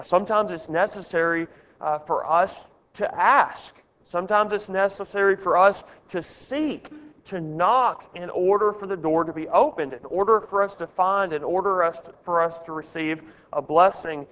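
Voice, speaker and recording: A man's voice: high voice, a bit bright, clean tone, in a large hall. A man leading a Bible study, earnest and asking his group questions.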